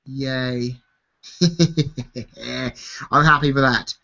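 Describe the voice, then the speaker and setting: Very slowly and with little pitch movement, a tired man hosts a live-stream Q&A, answering viewers' questions on YouTube. His medium-pitched voice has a sharp tone, he swears freely and laughs often in casual chat, and the audio sounds dull and lo-fi.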